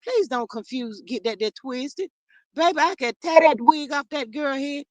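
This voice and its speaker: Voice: sits high, expressive, moderate pace, no echo, poor audio. A performer playing a sassy gossiping woman persona, reading viewer comments on a livestream and calling everyone honey and child. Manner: dramatic, playfully threatening. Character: sassy gossiping woman persona, Miss Marlene, quick to clap back. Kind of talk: live chat.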